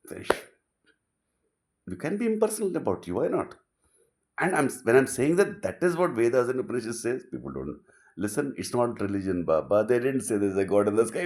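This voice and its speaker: A middle-aged man, giving an impassioned philosophical talk full of repetition and rhetorical questions, dropping to near whispers at times. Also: medium pitch. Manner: emphatic, repeats phrases, rhetorical questions, swings between loud and hushed. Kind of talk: impassioned monologue.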